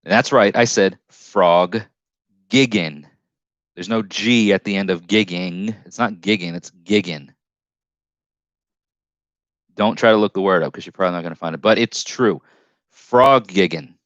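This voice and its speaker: Northern US man, lowish voice, rambling live-stream storyteller, dull dry headset sound. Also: moderate pace, fairly bright tone, no room sound. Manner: rambling storytelling with many restarts and self-corrections. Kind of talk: casual live stream chat.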